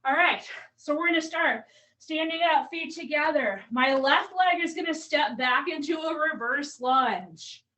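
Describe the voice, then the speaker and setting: A woman fitness coach calls out moves and counts down reps in a high, bright voice, slightly out of breath. She sounds set back from the microphone, as if moving around the room while she demonstrates. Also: expressive, a little slow, recorded from a distance, low-quality recording. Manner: upbeat cueing, counting down reps. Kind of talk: live online workout instruction.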